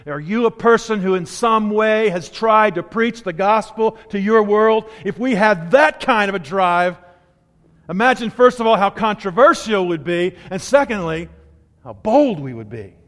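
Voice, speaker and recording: A preacher of unknown age delivers a conversational sermon full of stories and asides, in a fairly bright voice that is high for a man. The church sanctuary adds long hall reverb.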